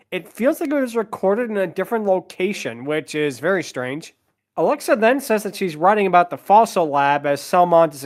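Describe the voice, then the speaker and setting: Male podcast host, somewhat high voice, chatty recap style. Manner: chatty, summarizing scenes with side comments. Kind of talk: casual episode recap.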